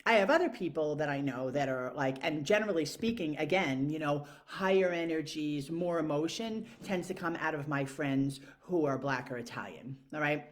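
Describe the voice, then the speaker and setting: A woman's voice: deep voice, normal speed, hardly any pauses. A woman talking casually to camera in a frank, profane, rambling way, full of fillers. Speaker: vlogger.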